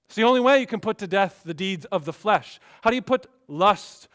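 A man preaching a sermon as pastor, emphatic, swinging between quiet asides and raised exhortation. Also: sits high, lively intonation, a little fast.

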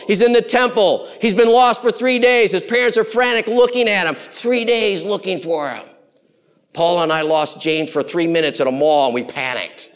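A male pastor delivers a sermon in a fairly high voice. He is animated, swinging between loud exclamations and quiet, hushed asides.

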